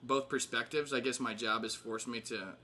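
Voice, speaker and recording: A man's voice: mid-range voice, steady tone, moderate pace, sharp tone, a little hiss or hum. A man in his thirties casually catching up with old friends, rambling with fillers and laughing often. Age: 30s. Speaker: host.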